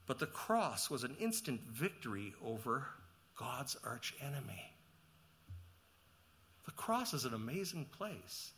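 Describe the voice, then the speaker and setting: A man preaching a sermon, asking the listeners questions and reading scripture, rising to loud emphatic peaks and dropping to quiet low passages. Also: big pitch swings, measured pace, pauses often. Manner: asks the listeners questions and reads scripture aloud. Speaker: pastor.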